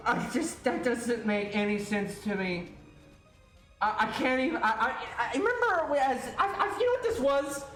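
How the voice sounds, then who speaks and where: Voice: mid-range voice, a bit bright, reverberant. A streamer on a livestream, ranting, swearing and stammering out of exasperation. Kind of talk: livestream rant.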